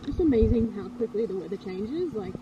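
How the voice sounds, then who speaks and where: A woman's voice: medium pitch, animated, fairly quick, dull audio, background noise. Chatty upbeat woman vlogging. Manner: chatty and upbeat, laughs often. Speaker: travel vlogger. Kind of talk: casual vlog chat.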